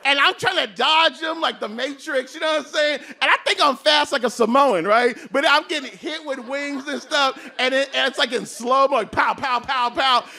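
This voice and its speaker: A male comedian tells a wild personal story from a live stage. His voice is very high and bright, with a ringing edge. He laughs through his lines and checks in with the crowd, asking "right?" and "you know what I'm saying?" over and over. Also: moderate pace, creaky, hardly any pauses. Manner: animated, laughing, tag questions.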